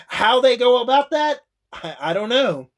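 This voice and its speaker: A man's voice: very high voice, very animated, unhurried. A man casually recapping a TV episode for his channel, rambling, swearing freely and laughing often. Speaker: YouTube TV show reviewer.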